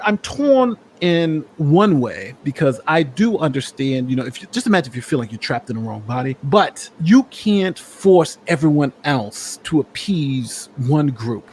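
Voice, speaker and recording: A young man with a fairly high voice delivers opinionated commentary straight to his viewers. He keeps throwing rhetorical questions at them, and faint noise hums underneath.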